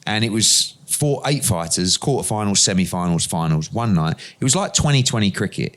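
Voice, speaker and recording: A middle-aged man, an interview guest, telling lively anecdotes and acting out the dialogue in them. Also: on the low side, fairly quick. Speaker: interview guest, boxing promoter. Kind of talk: conversational storytelling.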